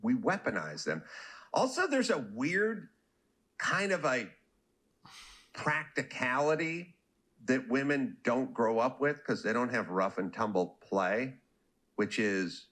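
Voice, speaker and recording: A man hosting a podcast, telling an anecdote in an animated, casual way and acting out the voices in it. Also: lowish voice. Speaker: podcast host. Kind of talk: casual chat with storytelling.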